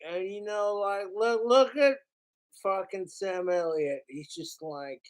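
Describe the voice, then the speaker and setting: A man's voice: high-pitched, takes it slowly. A man hosting a podcast, ranting in a casual, heated and profane way. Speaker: podcast host.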